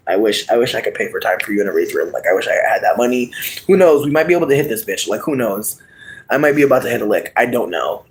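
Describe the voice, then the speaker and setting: A man in a rambling, casual monologue, swearing freely and laughing, dropping to a murmur and then bursting into shouts. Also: mid-range voice, quick pace, low-quality recording. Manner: profane, laughing, sudden shouts; animated, swings between murmur and yelling.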